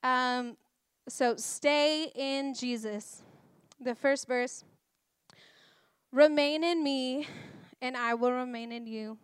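A woman's voice: on the high side, steady tone, slow pace, a bit bright, clear, resonant tone, no echo, clean studio sound. A woman in her thirties giving a chatty, self-deprecating sermon full of personal stories and laughter. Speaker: guest preacher. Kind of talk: conversational sermon storytelling.

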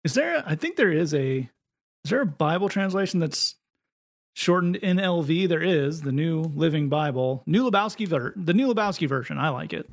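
A man's voice: fairly high pitch, lively intonation, moderate pace. A man co-hosting a podcast in casual chat, wry and talkative, often restarting his sentences. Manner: chatty, wry, repeats words as he starts sentences. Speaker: podcast co-host.

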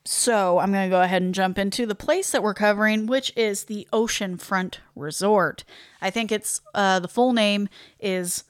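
A woman's voice: mid-range voice, normal speed, smooth, no echo, studio quality. A woman co-hosting a casual podcast, reading from her research with wry asides and easy laughs. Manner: chatty, wry, laughs easily, reads notes aloud with asides. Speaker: podcast co-host.

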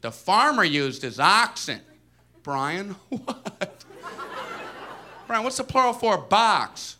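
A man's voice: sits high, sing-song, slow, background noise, heavily acted. A man doing a goofy stand-up schoolboy bit.

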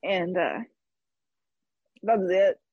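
A husky-voiced woman in her thirties shares her story in an open, reflective way, laughing lightly between thoughts. The recording is dry and slightly dull. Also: on the low side, slow, dry recording. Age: 30s. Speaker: guest. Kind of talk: personal story in conversation.

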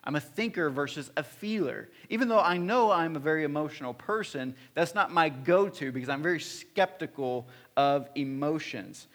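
A man's voice: a little high, normal speed, hardly any pauses, a bit bright. A man in his thirties, a pastor, preaching in an earnest, personal storytelling way with frequent restarts and fillers. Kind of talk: sermon storytelling. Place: church hall.

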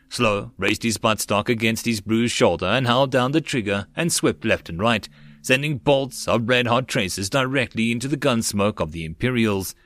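A man narrating a web novel audiobook in a steady reading voice. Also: medium pitch, no room sound.

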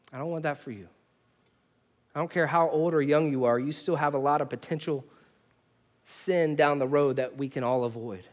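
A male pastor preaching a sermon, with animated storytelling that swings between loud bursts and quiet asides. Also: mid-range voice.

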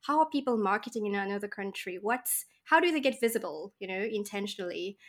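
A woman from Mauritius telling lively stories as a guest in a casual interview, acting out the people she met. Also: medium pitch, fast. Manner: animated storyteller, acts out voices and laughs often. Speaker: podcast guest.

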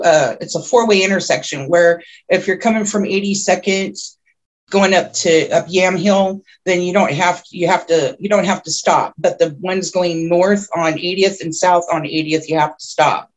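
A woman guest on a podcast, telling a long personal story in a rambling way with many restarts, who gets excited at the tense parts. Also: a little slow. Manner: grows excited and high-pitched when telling the tense parts. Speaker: podcast guest, self-described oracle.

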